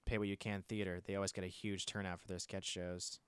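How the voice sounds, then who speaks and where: A male comedian chatting casually on a podcast, laid-back and quick to laugh. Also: sits low, flat delivery, a bit bright, smooth, no room sound. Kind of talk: casual chat.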